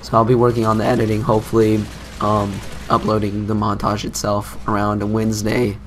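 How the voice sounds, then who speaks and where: Rambling teen gamer telling a story. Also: male voice, on the low side, monotone, fairly quick, a little hiss or hum. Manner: rambling, self-mocking, chuckling storyteller. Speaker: gaming commentator. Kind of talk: casual gameplay commentary.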